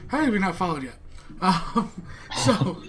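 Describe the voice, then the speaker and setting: A man's voice: high-pitched, big pitch swings, a little slow, a crowd in the background. A man narrating as dungeon master in a casual, laughing way. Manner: casual, laughing, thanks stream followers. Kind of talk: narrating a tabletop game.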